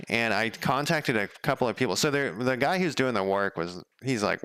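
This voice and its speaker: A man's voice: mid-range voice, expressive, normal speed, a bit bright, clear, resonant tone, no room sound. A man developing a game on a live stream, chatting casually and rambling off on tangents as he thinks aloud. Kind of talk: casual live coding chat.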